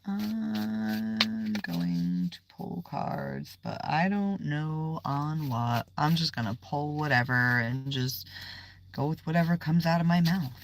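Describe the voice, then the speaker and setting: Unhurried, swearing woman livestreamer. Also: sits low, very animated, vocal fry, a little hiss or hum. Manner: swears freely, trails off, drops to whispers. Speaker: tarot livestreamer. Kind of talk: casual live-stream chat.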